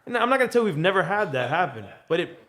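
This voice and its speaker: A man's voice: high-pitched, sing-song, racing, fairly bright tone. A man, a DJ guest on a podcast, talking in a laid-back way and swearing freely. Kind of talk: casual interview.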